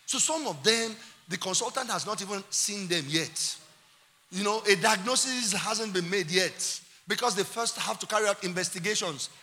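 A male pastor with a Nigerian accent delivers an animated sermon, dropping into quiet asides and rising to shouted climaxes. His voice sits high and sounds bright and sharp. A long reverb from the church hall trails every phrase. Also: normal speed.

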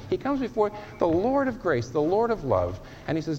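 A man preaching a sermon, emphatic and animated, with dramatic pauses. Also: high voice. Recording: dull lo-fi sermon recording, faint noise.

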